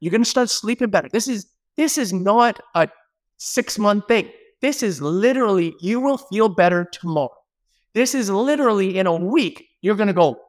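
A man who is a podcast guest and business speaker, giving energetic, emphatic motivational advice with punchy exclamations. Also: sits high, normal speed.

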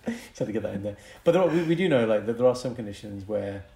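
A young man, co-hosting a casual podcast and explaining a medical condition in an animated way. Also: medium pitch. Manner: explanatory, animated, breaks into mock accents for fun. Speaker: podcast co-host, doctor.

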